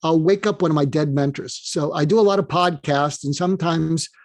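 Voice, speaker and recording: A man being interviewed as a doctor, telling rambling, animated anecdotes. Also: fairly high pitch, brisk, dry recording. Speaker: guest, doctor. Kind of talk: interview storytelling.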